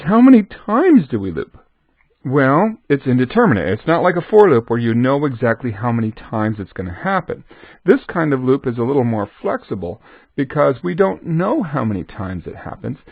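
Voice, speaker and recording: A man's voice: mid-range voice, no room sound. A man teaching a programming lesson, chatting to the viewer and answering his own questions. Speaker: programming instructor. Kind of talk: screen-recorded coding lesson. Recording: dull dry lo-fi recording.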